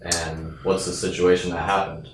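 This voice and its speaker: A man interviewing a guest, asking short, measured questions. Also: sits low, little pitch movement. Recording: roomy echo, distant from the mic.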